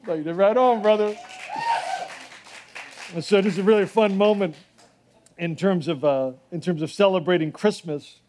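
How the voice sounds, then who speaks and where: High-voiced man preaching a sermon. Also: measured pace, slight background noise. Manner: conversational, animated storytelling with asides. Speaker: pastor.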